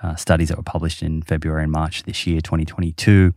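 A man's voice: rumbling low, little pitch movement, fast talker, a little mellow, no room sound, studio quality. A man hosting a podcast, explaining research casually with many fillers. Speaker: podcast host. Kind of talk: casual chat.

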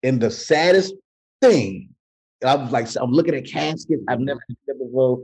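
A man's voice: medium pitch, normal speed, breathy edge, rough recording. A man, an actor and comedian, telling stories in a casual interview and slipping into voices when he quotes people. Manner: animated, jumps into voices when quoting people, laughs mid-story. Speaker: actor and comedian, podcast guest. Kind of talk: casual storytelling.

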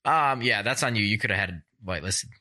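A young man co-hosting a podcast in casual chat. He is excitable, swears freely and bursts into laughter. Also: on the low side, quick pace. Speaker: podcast co-host.

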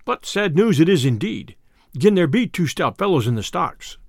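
A boastful, hot-tempered tinker , as a storyteller puts him on, bellowing his archaic threats and jests in a storybook reading. His voice swings widely from low grumbles to loud bursts, and the recording is close and dry. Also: very animated, moderate pace, no room sound. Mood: blustering. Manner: blustering, loud archaic speech.

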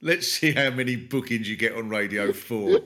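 A man's voice: mid-range voice, normal speed, pushed and bright. A man with a sardonic, teasing manner, hosting a comedy podcast. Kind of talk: comic banter.

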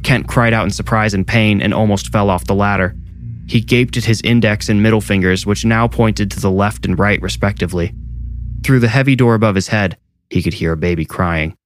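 A man with a low voice gives a scripted horror narration. His delivery is measured and suspenseful, with faint music underneath.

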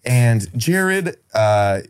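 Animated young man telling a story. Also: mid-range voice, drawn-out words, clear, resonant tone. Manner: animated storyteller, laughs, acts out voices. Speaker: guest storyteller. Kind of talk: casual podcast chat.

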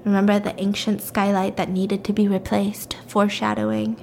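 A young woman casually retelling a dark story. She is animated and conversational, and she swears freely. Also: mid-range voice, normal speed, creaky, slight background noise.

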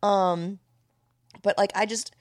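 A woman's voice: mid-range voice, fairly even intonation, slow, no echo, studio quality. Candid woman telling wild stories. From Florida, US. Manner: candid, storytelling, frequent "like". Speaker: guest, stand-up comedian. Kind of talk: casual podcast chat.

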